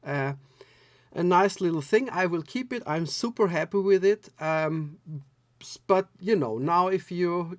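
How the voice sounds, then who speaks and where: A man's voice: fairly high pitch, no echo. A man from Austria, German, giving a casual, rambling gear review with many restarts. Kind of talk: casual product review vlog.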